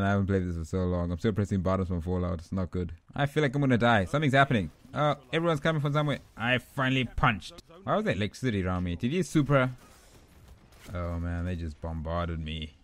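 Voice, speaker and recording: A young man giving rambling, excitable commentary over his own gameplay, trash-talking opponents and himself. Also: low voice, fast talker. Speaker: gaming YouTuber.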